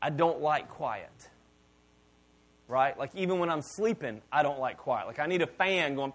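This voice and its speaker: A man's voice: fairly high pitch, lively intonation, normal speed. A man in his thirties giving a sermon as a pastor, talking casually and turning to the congregation with asides. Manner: casual, conversational preaching with asides to the audience. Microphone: podcast mic.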